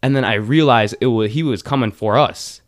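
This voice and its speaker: In casual conversation, this young man in his late teens talks a little fast with a mid-range voice. His animated, meandering retelling of a story keeps stumbling into fillers and fresh starts.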